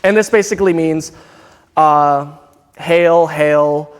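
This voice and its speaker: Slow-speaking choir director in a reverberant hall. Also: male voice, on the high side, smooth. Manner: coaching Latin diction, speaking lines for singers to repeat. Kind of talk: choir rehearsal instruction. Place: church rehearsal space. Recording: long reverb of a church hall.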